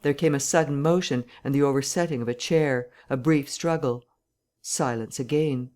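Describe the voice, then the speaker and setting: A man narrating a classic novel audiobook in a measured, even reading. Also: mid-range voice.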